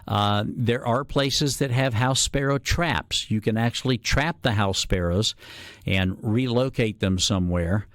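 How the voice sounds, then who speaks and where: A man hosting a call-in radio show, explaining things in an unhurried way with frequent "uh" fillers. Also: medium pitch, fairly bright tone, no room sound, studio quality. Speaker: radio guest host. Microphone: studio microphone.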